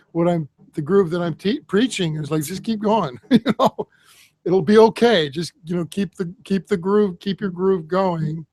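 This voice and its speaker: A man's voice: high-pitched, a little mellow. An older man, a drum circle facilitator, telling rambling anecdotes casually, with frequent chuckles and fillers. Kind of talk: casual storytelling.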